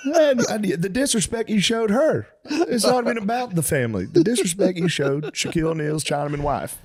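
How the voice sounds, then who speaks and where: A man's voice: high-pitched, sing-song, brisk, pitched above the performer's own voice, full character voice. A man doing an outraged Southern dad. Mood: incredulous scolding. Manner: crude, shouting, incredulous scolding. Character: outraged Southern father scolding his grown daughter. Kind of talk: comic improvised bit.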